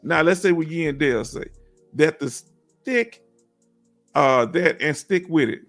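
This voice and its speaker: Man, middle-aged, high-pitched, folksy livestream host who encourages viewers, faint music bed. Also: lively intonation, measured pace, gravelly, a bit bright. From Houston, Texas. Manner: folksy, encouraging, reads viewer comments aloud. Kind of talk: casual livestream chat.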